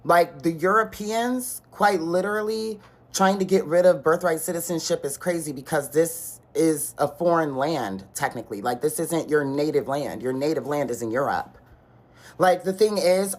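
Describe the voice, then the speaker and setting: A woman's voice: sits low, normal speed. A woman giving exasperated, argumentative commentary and mocking the other side's words. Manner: exasperated, argumentative, mock-quoting opponents. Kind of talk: social media commentary.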